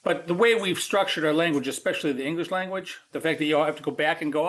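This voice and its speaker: A man's voice: fairly high pitch, quick pace, fairly bright tone. A man co-hosting a casual tech podcast, thinking aloud and joking as he goes. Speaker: co-host.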